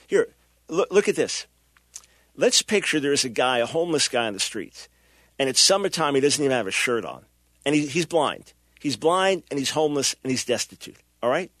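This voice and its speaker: A man's voice: medium pitch, animated, fairly quick, fairly bright tone, no room sound, clean studio sound. A middle-aged man hosting a radio talk show, preaching with impassioned, emphatic delivery and acting out the people he quotes.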